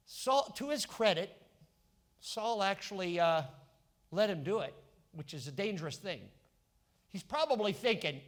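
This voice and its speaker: A male pastor preaching a sermon, telling a Bible story with lively voices for its characters. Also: sits high, unhurried. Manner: animated storytelling, acting out biblical characters.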